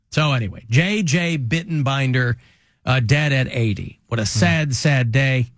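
A man's voice: mid-range voice, measured pace, dry recording, studio quality. A man hosting a radio talk show, telling stories in a chatty way with laughs. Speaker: radio host.

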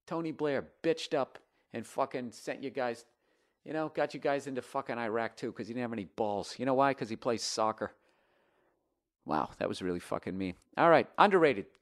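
Profane man ranting on a podcast. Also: medium pitch. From United States. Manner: profane, swings between loud outbursts and mumbled asides. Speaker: comedian podcast host. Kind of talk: ranting comedy podcast, reading listener emails.

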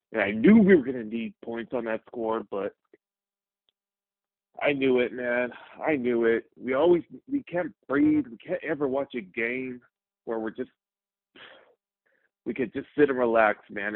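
Gravelly man ranting over a phone line. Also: mid-range voice, expressive, normal speed, no room sound. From Fresno, California. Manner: angry, profane, agitated ranting. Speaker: caller. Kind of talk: call-in rant to a sports radio show.

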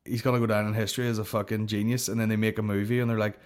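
A man's voice: fairly low pitch, steady tone, racing. A Northern Irish man hosting a comedy podcast, ranting casually in a profane, rambling way and swearing constantly.

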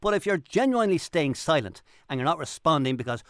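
Fired-up fast-talking Irish radio host. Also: male voice, a little high, big pitch swings, no echo, studio quality. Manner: fired-up, emphatic, repeats points for punch. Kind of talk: impassioned talk radio monologue. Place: radio studio. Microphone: studio microphone.

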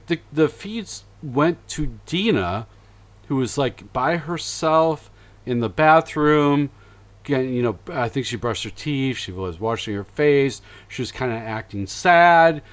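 Man, podcast host, casual recap, slightly high voice, animated, does little voices for quotes. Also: slow pace. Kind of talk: casual chat recapping a reality show.

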